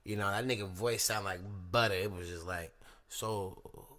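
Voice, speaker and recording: A young man hosts his own podcast with a slangy, profane, hyped-up delivery. His voice sits somewhat low, yet it comes across bright and forceful, with energy pushed straight at the listener. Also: brisk. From Sacramento, California. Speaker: podcast host. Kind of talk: casual monologue podcast.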